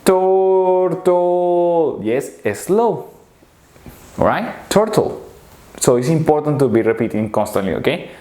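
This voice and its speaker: Slow, playful man teaching animal words. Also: mid-range voice, big pitch swings, a little mellow, reverberant. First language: Spanish. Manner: slow, repetitive, makes playful animal noises. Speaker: English teacher. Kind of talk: children's vocabulary lesson.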